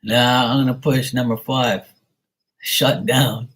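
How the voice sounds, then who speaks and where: A man's voice: medium pitch, steady tone, takes it slowly, fairly bright tone, husky. A man hosting a live stream, telling jokey stories in casual, profane chat and laughing often. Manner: profane, joking storyteller who laughs often. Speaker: livestream host.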